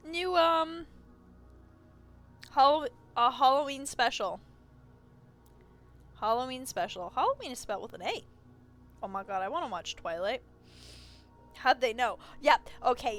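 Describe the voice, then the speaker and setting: A young woman chats on a live stream, rambling from one thought to the next and swearing freely. Her voice sits a little high, and soft music plays faintly underneath. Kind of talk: casual chat.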